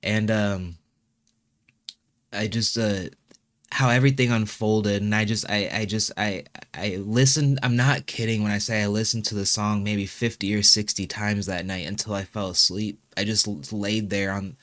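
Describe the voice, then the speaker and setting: Halting young man, low dry voice. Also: fairly even intonation, a bit bright, no room sound. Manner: halting, with many fillers and restarts. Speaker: musician and channel host being interviewed. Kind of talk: emotional personal interview.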